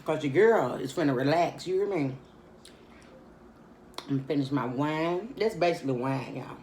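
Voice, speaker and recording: Tired lady talking to her viewers while she eats, kinda low voice. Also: expressive, normal speed, darkish tone, slight background noise. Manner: chatty, laid-back, talks straight to viewers. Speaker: mukbang vlogger. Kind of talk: casual mukbang chat while eating.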